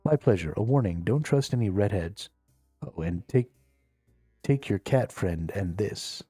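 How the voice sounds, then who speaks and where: A haughty stray cat that talks down to humans and calls them names, as a man puts it on. The voice sits a little high with a mellow tone and sounds dry and close, with faint music underneath. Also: expressive, measured pace, slightly rough, dry recording. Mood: scolding. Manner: haughty, scolding, insulting. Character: bossy, snarky free stray cat, male. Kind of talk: reading game dialogue aloud on a live stream.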